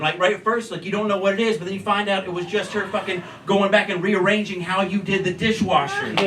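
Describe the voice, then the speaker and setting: A young male comedian with a high-pitched voice works a club crowd, loud and swearing freely. His voice sits a little back from the mic and rings in a roomy space. Big waves of audience laughter roll under him. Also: far from the mic. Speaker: stand-up comedian. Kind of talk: stand-up comedy set.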